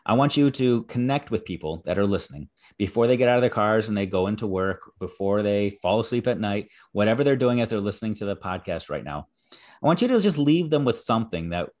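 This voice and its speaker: A man's voice: lowish voice, lively intonation, fast, darkish tone. A man hosting an interview podcast, talking earnestly and encouragingly, building to emphatic praise of his guest. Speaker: podcast host.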